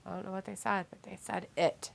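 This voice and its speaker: A woman co-hosts a casual wrestling watch-along live stream, reading chat messages aloud, laughing a lot and joking sarcastically. Her voice is mid-range and gravelly, fairly flat in pitch, and she talks briskly.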